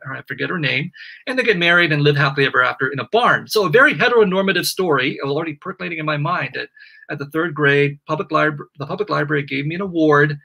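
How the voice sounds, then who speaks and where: A middle-aged author chatting from home in a bright, forceful, fairly high voice. He is lively and self-deprecating as he answers interview questions. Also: gravelly, husky, poor audio. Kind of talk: interview over video call.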